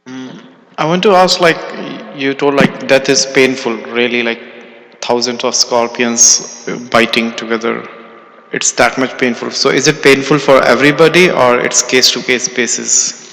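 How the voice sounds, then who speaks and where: A man in the audience asking a question, halting and groping for words. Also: medium pitch, fairly even intonation, a bit bright. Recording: echoey hall recording.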